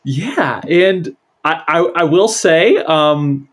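A man's voice: fairly high pitch, expressive, takes it slowly, fairly bright tone. A man hosting a video-call interview, asking questions hesitantly with frequent stammers. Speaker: host.

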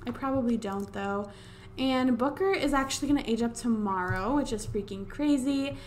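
Woman streamer type, fairly high voice, casual exasperated gameplay chatter, desk mic at home with faint hiss. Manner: exasperated, talking to the game characters, many drawn-out wows. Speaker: let's play host. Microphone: desk USB microphone.

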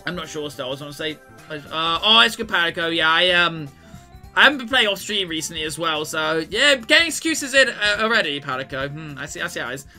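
Guy streaming a game live, talks super fast, bright voice, chatty and apologetic, bit of music behind. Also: a little high, animated. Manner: chatty, apologetic, greets viewers. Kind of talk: live gaming stream chat.

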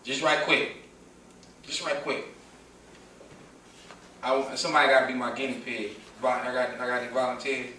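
A man from Detroit lectures a live crowd in a bright, forceful voice, firing questions at them and drawing them into his points. The mic sits well back from him, so the sound is roomy and echoing, with a faint hiss underneath. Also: mid-range voice, level tone, moderate pace, long pauses. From Detroit, USA. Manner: preachy call-and-response, questions the crowd, playful. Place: room with a live audience. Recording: echoey room, distant mic, faint noise.

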